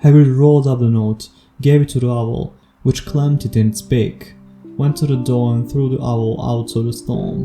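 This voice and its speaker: Adult male audiobook narrator, very dark mellow tone, steady storytelling, faint guitar underneath. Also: medium pitch, moderate pace, echoey room. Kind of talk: scripted narration.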